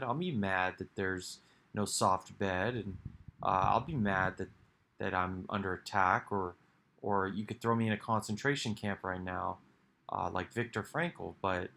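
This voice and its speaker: A man's voice: fairly low pitch, fairly bright tone, slight background noise. A man giving a rambling, reflective monologue for his video, musing aloud with sighs and restarts. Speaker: video creator.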